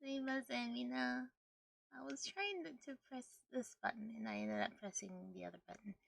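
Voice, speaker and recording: A woman's voice: on the high side, moderate pace, creaky, a bit bright, slight background noise. A woman streaming a video game, chatting casually and rambling with frequent laughter. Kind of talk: casual gameplay stream chat.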